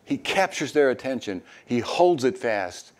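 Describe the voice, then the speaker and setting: An older man preaching a church sermon, his low voice rising and falling widely as he reads scripture. He slips into hesitant asides full of "uh", then jumps into animated, loud bursts. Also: moderate pace. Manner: animated, jumps high and loud when acting out crowd voices; hesitant asides with many "uh" fillers. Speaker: retired pastor, guest preacher. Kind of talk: sermon with Bible reading.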